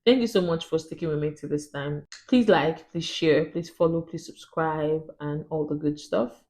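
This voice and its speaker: A woman vlogging, telling a story to the camera in an animated, emphatic way and acting out both sides of a conversation. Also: deep voice, normal speed.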